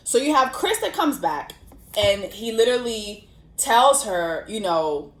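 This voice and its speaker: A young woman hosts a casual commentary vlog. She tells the story in an animated, slangy way and swears freely. Her voice sits fairly high and echoes around a roomy space. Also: measured pace. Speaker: host. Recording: roomy echo.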